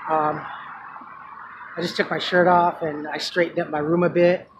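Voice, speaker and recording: A man's voice: a little high, level tone, moderate pace, highs cut off, background noise. A man talking emotionally in a casual personal vlog, rambling and restarting his sentences. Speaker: vlogger.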